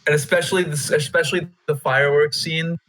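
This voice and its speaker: A man's voice: a little high, steady tone, fast talker, a bit bright, poor audio. A young man co-hosting a casual podcast, jokey and stumbling over his words. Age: teens or young adult. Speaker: podcast co-host. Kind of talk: casual chat.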